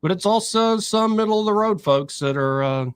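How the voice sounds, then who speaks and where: A man's voice: sits high, normal speed, smooth, dry recording, studio quality. A man hosting talk radio, explaining politics and mimicking what others say. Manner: explanatory, quotes others in an animated voice. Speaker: radio talk show host.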